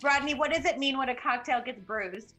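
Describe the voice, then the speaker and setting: High bright woman tossing out quips. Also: soft background music. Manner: teasing, quick quips. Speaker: co-host. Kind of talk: casual live-stream chat.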